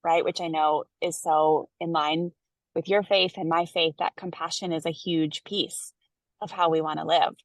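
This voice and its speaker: A woman's voice: low-pitched, steady tone, moderate pace, no room sound. A woman, a mother, hosting a parenting chat and talking in an earnest, encouraging way, often checking in with "right?". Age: adult mother of children. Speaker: host and parenting coach. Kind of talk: casual interview chat.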